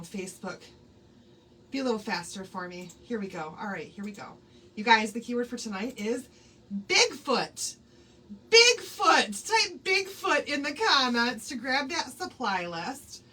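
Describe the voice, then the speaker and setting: A woman's voice: on the high side, expressive, normal speed, a bit bright, distant mic, poor audio. A woman hosting a live craft tutorial, chatty and bubbly, greeting viewers by name and laughing often. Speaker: craft livestream host.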